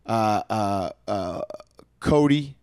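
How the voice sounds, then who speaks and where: A man in his thirties telling stories in casual podcast chat, animated and profane, often trailing off into hushed asides. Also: on the low side, extremely slow, clean tone, no room sound, clean studio sound. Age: 30s. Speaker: podcast co-host, retired fighter.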